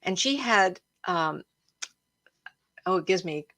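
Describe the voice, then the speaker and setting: A woman with a slightly low voice hosts a casual livestream as a psychic medium. She tells her stories with a lot of feeling, sometimes laughing or gasping along the way. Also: slow. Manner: emotional, animated storyteller who laughs and gasps often.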